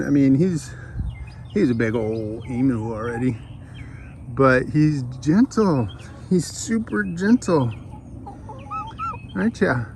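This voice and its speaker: A relaxed backyard keeper talks unhurriedly to young emus, regularly lifting into a sing-song, high-pitched baby-talk register. The voice sits at an average pitch. Quiet outdoor ambience and soft bird calls sit behind it. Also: vocal fry, a little hiss or hum. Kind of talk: casual vlog talking to pet emus. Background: faint outdoor ambience and bird sounds.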